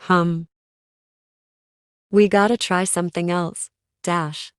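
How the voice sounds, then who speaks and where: A cartoon girl with the hiccups, voiced by a woman, talking slowly and plaintively in a lowish voice. The sound is dry, close and studio-clean. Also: steady tone, smooth, dry recording. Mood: worried.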